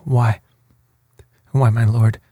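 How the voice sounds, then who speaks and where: A man's voice: low voice, steady tone, unhurried, warm tone, breathy edge, no room sound, studio quality, full character voice. A man reading the part of a frightened male servant who stammers and pleads.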